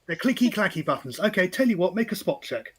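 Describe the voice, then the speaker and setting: A man's voice: high voice, big pitch swings, quick pace, a crowd in the background. A man running a tabletop game as game master, talking in a hesitant way with many fillers and restarts. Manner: hesitant, lots of "sort of" and restarts.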